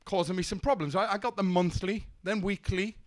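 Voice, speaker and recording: A young man doing a stand-up set, telling deadpan one-liners with stumbling restarts, on a comedy club stage. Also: high-pitched, brisk. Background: audience laughter.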